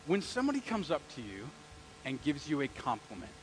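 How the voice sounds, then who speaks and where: A man preaching a sermon as pastor, conversational and animated, asking the congregation questions and dropping into casual slang. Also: medium pitch, brisk, noisy background. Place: church sanctuary.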